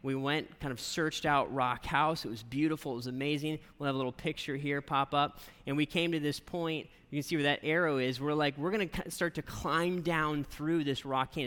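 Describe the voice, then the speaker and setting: A man preaching from the pulpit, his voice a little high and strikingly bright and forceful. He talks like an animated storyteller and keeps tossing "right?" to the congregation. A long hall reverb trails behind every phrase. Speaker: pastor. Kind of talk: sermon with a personal story.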